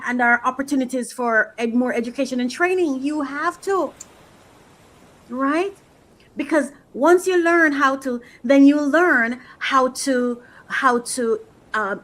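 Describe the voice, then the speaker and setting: A woman with a high voice speaks as a faith-based life coach. She gives an emotional, heartfelt motivational talk and keeps circling back to repeat her key phrases. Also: low-quality recording.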